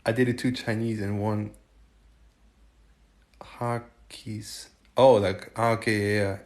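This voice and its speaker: A man from Germany hosting a casual livestream, chatting with viewers and haltingly trying out Chinese phrases. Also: on the low side, level tone. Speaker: livestream host. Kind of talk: casual live chat answering viewers.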